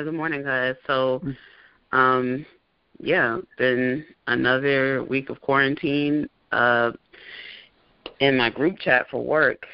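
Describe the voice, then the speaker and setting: A man's voice: mid-range voice, vocal fry, smooth, no echo. A man co-hosting a podcast, chatting casually and joking with frequent laughs. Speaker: podcast co-host. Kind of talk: casual chat. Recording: dull, dry lo-fi sound.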